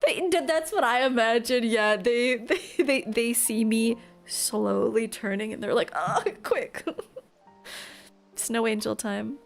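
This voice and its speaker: A woman's voice: a little high, slow pace, vocal fry, soft background music. A woman streaming a video game, chatting casually and reacting aloud with frequent giggles. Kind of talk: casual gameplay commentary.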